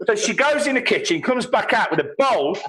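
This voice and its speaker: Animated English man telling stories. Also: brisk, poor audio. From England. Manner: animated, swears freely, acts out quoted lines with big pitch jumps. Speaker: guest musician. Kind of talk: casual storytelling on a live stream.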